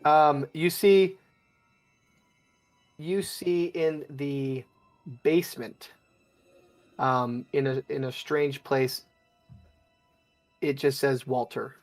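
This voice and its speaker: A man running a tabletop game as game master, describing scenes in a halting way with frequent restarts. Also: medium pitch, steady tone, faint music behind. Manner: halting, with many restarts and fillers.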